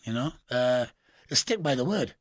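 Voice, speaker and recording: Husky Geordie man telling stories. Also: medium pitch, animated, moderate pace, no echo, clean studio sound. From England. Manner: swearing, laughing storyteller with street slang. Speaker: guest. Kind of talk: casual storytelling interview.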